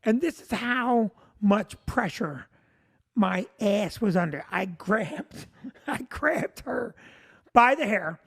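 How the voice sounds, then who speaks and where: Animated man telling a comic story. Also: high voice, slow pace, vocal fry, slightly rough. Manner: animated, bursts into shouted punchlines. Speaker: comedian.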